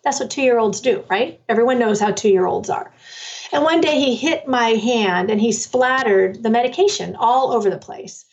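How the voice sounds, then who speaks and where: A woman's voice: a little high, normal speed, far from the mic, muffled recording. A middle-aged woman, an author and parenting workshop leader, telling her story in a loose, rambling way full of fillers and restarts. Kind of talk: conversational storytelling interview.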